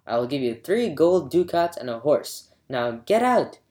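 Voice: mid-range voice, sing-song, a little slow. A narrator voicing a sneering greedy brother. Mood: scornful. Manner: harsh, contemptuous shouting. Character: greedy scornful elder brother, a young man.

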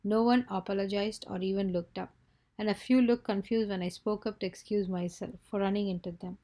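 A woman reads a first-person children's story aloud. Her narration is lively and expressive, and her voice sits at a medium pitch. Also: brisk. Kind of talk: scripted narration.

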